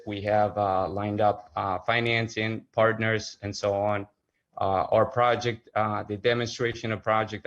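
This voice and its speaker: Guy at a town meeting mic, lots of uhs, low flat voice, dull audio. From Connecticut. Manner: halting, many filler uhs. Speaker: local business owner speaking at public comment. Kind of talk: public comment at a town meeting.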